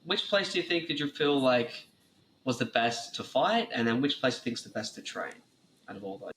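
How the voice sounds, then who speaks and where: Man, podcast host, mid-pitched voice, easygoing, short agreeing murmurs, faint background noise. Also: sing-song, fairly quick, fairly bright tone. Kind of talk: casual interview chat.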